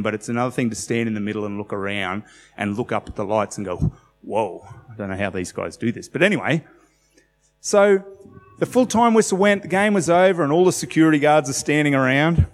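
A man's voice: mid-range voice, lively intonation, fairly quick, in a large hall. A man in his forties with an Australian accent, preaching a sermon in a conversational way and asking the congregation questions. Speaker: pastor.

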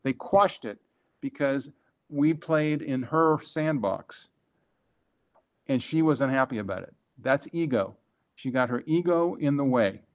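A man talks in conversation about a business episode from his time as a franchise executive, appearing as a guest. At a medium pitch, he sounds animated and emphatic, with quick restarts throughout.

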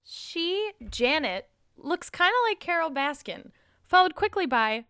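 A woman with a high voice talks in a casual chat. She makes blunt, crude jokes and swears freely. When the others tease her, she stammers and backpedals. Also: big pitch swings, measured pace, sharp tone, no echo, studio quality.

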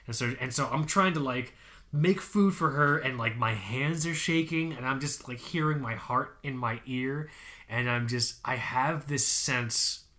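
A young man co-hosting a podcast, telling a personal story in casual chat, animated, laughing often and swearing. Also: mid-range voice, measured pace. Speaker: podcast co-host.

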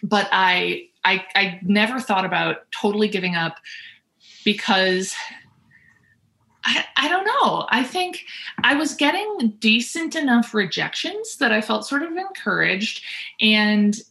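A woman's voice: mid-range voice, animated, unhurried, gravelly, pushed and bright. A woman, a writer on a panel, chatting over a video call and laughing often as she talks. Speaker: panel guest, author. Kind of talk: casual panel conversation.

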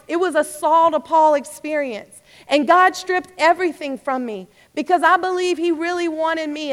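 A woman's voice: sits high, a bit bright. A young woman preacher giving a fervent sermon testimony, rising to urgent exhortation. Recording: long hall reverb.

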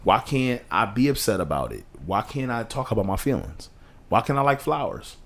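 A man co-hosting a casual podcast, talking with passion, rising in pitch to stress points and dropping low to quote others. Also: big pitch swings, moderate pace, fairly bright tone. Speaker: podcast co-host.

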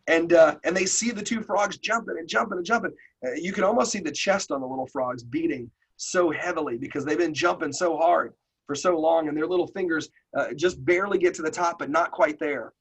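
Man, podcast host, husky voice, slightly high pitch, folksy storytelling, motivational. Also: poor audio.

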